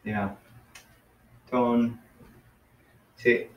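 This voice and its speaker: Man, teacher, relaxed and casual, lots of fillers, roomy echo, dull lo-fi sound. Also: mid-range voice, drawn-out words, pauses often. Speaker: Greek teacher. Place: classroom. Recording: roomy, dull lo-fi classroom recording.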